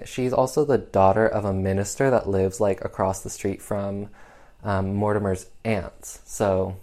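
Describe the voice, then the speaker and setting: A man's voice: fairly low pitch, a little mellow. A man casually recapping an old film, rambling along with lots of fillers and sarcastic asides. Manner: rambling and chatty, full of "um" and "like". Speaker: podcast host reviewing a film.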